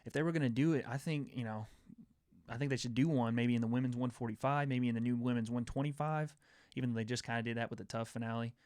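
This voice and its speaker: A man's voice: medium pitch, steady tone, fast, darkish tone, dry recording, studio quality. Male host, young adult, mid-range voice, rambling eager fight chatter. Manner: rambling, enthusiastic fight talk. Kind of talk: casual sports chat.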